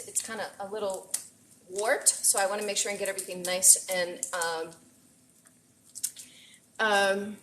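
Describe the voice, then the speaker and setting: A woman chef hosting a casual live cooking stream, chatty and excitable as she greets viewers from her kitchen. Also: mid-range voice, slight background noise, poor audio. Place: home kitchen. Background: faint frying and sizzling.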